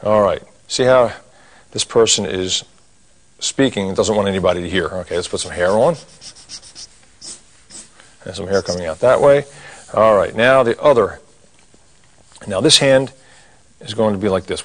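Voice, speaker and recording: A middle-aged man with a fairly low voice leads a cartoon drawing lesson, calmly narrating each stroke as he draws. His manner is folksy and he drops in corny gags along the way. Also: moderate pace, long pauses. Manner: folksy, corny jokes, talks while drawing. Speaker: drawing instructor.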